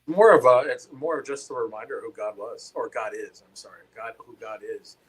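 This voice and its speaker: A man's voice: medium pitch, a little fast, fairly bright tone, slightly rough, low-quality recording. A middle-aged man co-hosting a church podcast, talking in a rambling way with many fillers and restarts. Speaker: podcast co-host. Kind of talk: casual church podcast chat.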